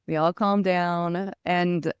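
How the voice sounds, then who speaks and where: A woman's voice: lowish voice, steady tone, slow, clean tone, dry recording. A woman hosting a casual podcast conversation, explaining ideas and often checking in with "right?".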